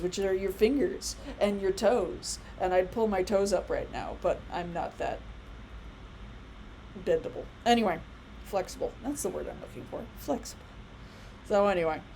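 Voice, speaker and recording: A woman's voice: mid-range voice, a little mellow, a little hiss or hum, poor audio. A woman in her thirties giving a casual biology lecture, chatty and rambling with many fillers and asides. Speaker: college biology instructor.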